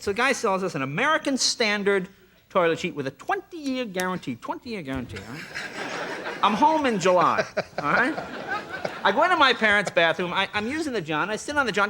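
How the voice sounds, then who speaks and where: A man in his late thirties telling comic stories as a talk show guest, acting out the voices of the people he quotes. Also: high voice. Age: late 30s. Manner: animated, acts out quoted voices, quick and excitable. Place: TV studio with a live audience. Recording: TV studio audio with hiss and audience.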